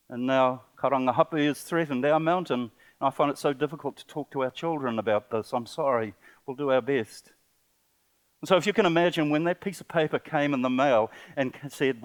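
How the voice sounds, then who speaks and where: Older Kiwi man, mid-range voice, telling a heartfelt story at a seminar, halting and emotional. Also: mid-range voice. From New Zealand. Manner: emotional, halting, earnest, with rising bursts. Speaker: poet and sculptor giving a talk. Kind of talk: impassioned personal storytelling speech. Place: conference seminar venue.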